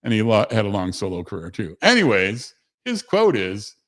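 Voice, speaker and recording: A man with a somewhat low voice hosts a casual livestream. He rambles in a loose, chatty way, corrects himself mid-sentence and answers viewers in the chat. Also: huge pitch swings, normal speed, fairly bright tone. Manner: rambling, conversational, with fillers and self-corrections; reads chat messages aloud to viewers. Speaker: host of a livestream show.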